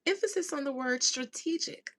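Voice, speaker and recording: Sitting high with a fairly bright tone, this woman's voice carries a laid-back, sarcastic rant aimed at her viewers. The channel host leans hard on key words, drawing them out, and talks in loose slang with light profanity.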